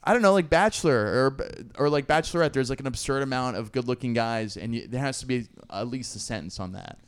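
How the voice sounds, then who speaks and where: A man's voice: mid-range voice, fast talker, clean tone. A man co-hosting a podcast in casual chat, sarcastic and joking, with lots of fillers. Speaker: podcast co-host.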